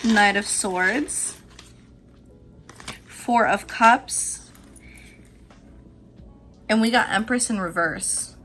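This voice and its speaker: Chatty animated woman tarot reader. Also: medium pitch, drawn-out words, pauses often, soft background music. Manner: chatty, animated, swearing, laughing often. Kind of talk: casual tarot reading.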